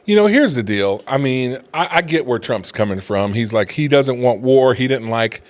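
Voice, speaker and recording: A man's voice: mid-range voice, moderate pace. A middle-aged man hosting an opinion show, talking in a conversational way with plenty of restarts. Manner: conversational, animated when riled up. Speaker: talk show host. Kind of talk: opinion commentary.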